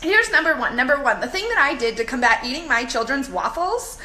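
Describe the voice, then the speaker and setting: A woman in her thirties chatting on a live video to her viewers, animated as she tells stories and answers comments. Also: sits high, a little fast. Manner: bubbly, animated storytelling, reads comments aloud. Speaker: coach hosting a live video. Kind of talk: live-stream chat to viewers. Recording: echoey room with faint background noise.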